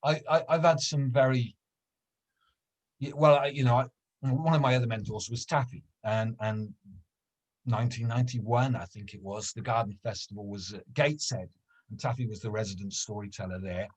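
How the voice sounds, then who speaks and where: A man, a professional storyteller, chatting casually and recounting anecdotes in a halting way with frequent restarts. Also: mid-range voice, steady tone. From Wales.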